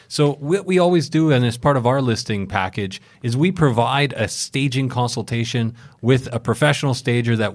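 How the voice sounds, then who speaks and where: Upbeat man co-hosting. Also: mid-range voice. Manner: upbeat, quick to laugh. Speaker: podcast co-host, realtor. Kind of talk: casual chat.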